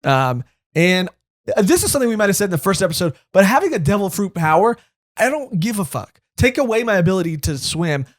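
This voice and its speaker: A man co-hosting a podcast, chatting casually and joking, retelling scenes with animated quotes. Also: high-pitched, fairly quick. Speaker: podcast co-host. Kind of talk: casual chat.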